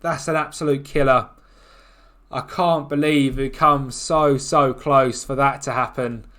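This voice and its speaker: A man commentating on his own football management game, excitable and quick to groan and shout at the action. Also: mid-range voice. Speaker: gaming YouTuber.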